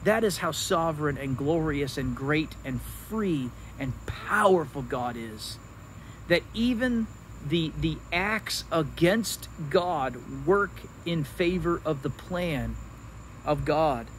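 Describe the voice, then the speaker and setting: A man giving a devotional Bible teaching in a fairly high voice. He talks very slowly and halts often, repeating words as he thinks it through. A faint background noise sits under the recording. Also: lively intonation, a bit bright, low-quality recording. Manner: slow, halting, many restarts and fillers. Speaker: pastor.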